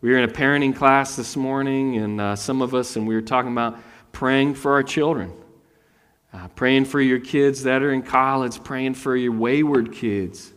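A pastor in his thirties preaches in an animated, conversational way, now and then breaking into high, loud voices to play out a story. His voice sits at a middling pitch. A long hall reverb trails each phrase from the church sound system. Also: moderate pace, clean tone. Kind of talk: sermon.

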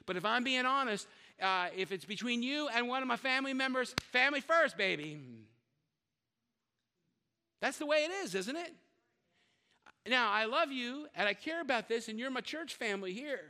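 An older man preaches with a very high, forceful, ringing voice. He talks to his church in a loose, chatty way, throws in joking asides and stumbles over repeated words. His voice carries a long reverb, as if it rings through a church hall. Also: a little fast, smooth. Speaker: pastor. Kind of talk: sermon.

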